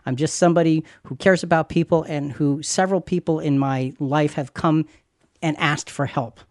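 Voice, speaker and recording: A man's voice: on the high side, steady tone, moderate pace, no echo, clean studio sound. A man who is a pastor and podcast host, talking earnestly and reassuringly about faith, repeating phrases for emphasis. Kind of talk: conversational Christian podcast teaching.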